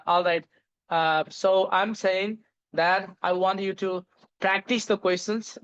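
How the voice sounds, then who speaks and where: A man's voice: sits high, a bit bright. A man from Nepal with a Nepali accent, teaching English pronunciation in a live online class, repeating each sound several times and using many fillers. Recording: dull lo-fi audio.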